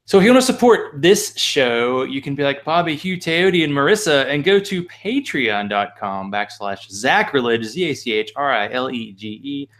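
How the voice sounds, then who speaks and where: Laid-back male host, mid pitch, loose and joking. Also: expressive, moderate pace, few pauses, a bit bright. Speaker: podcast host. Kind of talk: casual interview and sign-off.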